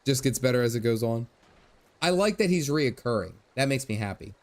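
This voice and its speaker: A man's voice: medium pitch, lively intonation, brisk. A man chatting casually while livestreaming a video game, telling stories with laughs and asides. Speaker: gaming livestreamer. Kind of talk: casual chat over gameplay. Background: faint game music.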